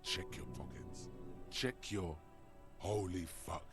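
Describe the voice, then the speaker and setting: A man's voice: deep voice, slow pace, music in the background. A man voicing the blunt, commanding inner voice of a detective's mind in a video game. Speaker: game narrator.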